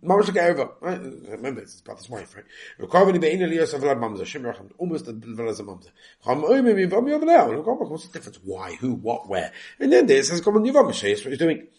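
A man's voice: a little high, wildly swooping pitch, darkish tone. A man giving a Talmud study lecture, reading the text aloud and explaining it in English with many rhetorical questions. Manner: mixes Aramaic readings with quick English explanation. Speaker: Talmud teacher.

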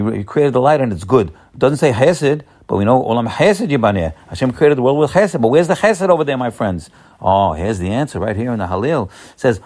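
Giving a holiday sermon, a man who comes across as a rabbi speaks in a mid-range voice. Halting delivery and frequent fillers give way to animated, emphatic surges.

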